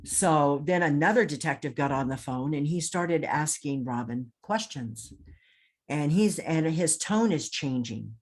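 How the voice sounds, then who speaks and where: A woman's voice: low voice, lively intonation, unhurried. A woman guest on a podcast telling a personal story with intensity and emphasis, often restarting her sentences. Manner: acts out others' lines in quoted voices.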